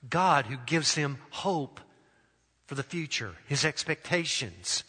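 Slow, deliberate preacher in a reverberant hall. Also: male voice, on the high side, expressive, breathy edge. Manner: slow, deliberate preaching with drawn-out phrases and soft endings. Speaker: pastor. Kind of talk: sermon.

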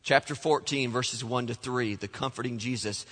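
A man preaching a sermon as pastor, animated, acting out the voices he quotes. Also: medium pitch, moderate pace, breathy edge. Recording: long hall reverb.

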